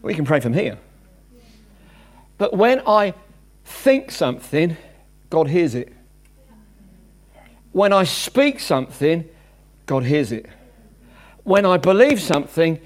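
A male preacher with a high, bright voice that leaps all over the place as he talks. He jokes with the congregation and shifts from loud bursts to quiet, hushed asides. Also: takes it slowly, long pauses. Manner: animated, jokey, swings between loud bursts and hushed asides. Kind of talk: sermon.

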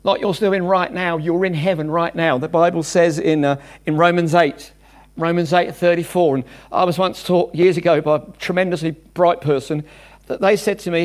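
Delivering a sermon to his congregation in a slightly high voice, this man is lively and full of jokes, lurching from loud outbursts to quiet asides.

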